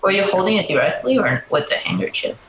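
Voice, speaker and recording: A player in a tabletop game who speaks in a giggly, confused way. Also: fast talker. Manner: giggly and confused, lively pitch. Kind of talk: tabletop role-play. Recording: roomy echo with clear background noise.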